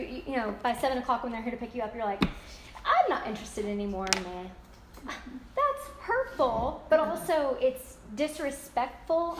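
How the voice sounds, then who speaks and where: A woman leading a casual group talk about a book, chatty and animated, often acting out quoted voices. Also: fairly high pitch, echoey room, slight background noise, poor audio. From United States. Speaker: book discussion leader.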